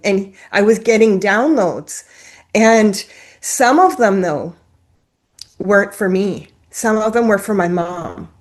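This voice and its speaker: Guest, female, mid-pitched, conversational personal testimony, emotional. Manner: emotional, tearful at times, apologetic; conversational, uses fillers like "like" and "um". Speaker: interview guest. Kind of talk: personal storytelling in an interview.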